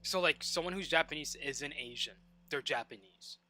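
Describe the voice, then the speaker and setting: A young adult man talking casually on a live stream while gaming, rambling and animated, full of "like" and stop-start restarts. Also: on the high side, normal speed, soft background music. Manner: rambling and animated, heavy use of "like" and repeated restarts.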